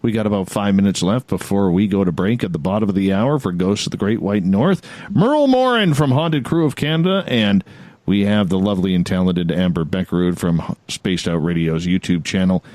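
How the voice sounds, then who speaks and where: A man's voice: sits low, moderate pace, no room sound. A man in his forties hosting a radio talk show, telling a personal story with lots of repetition and emphasis. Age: 40s. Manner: animated storyteller, repeats phrases. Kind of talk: casual storytelling chat.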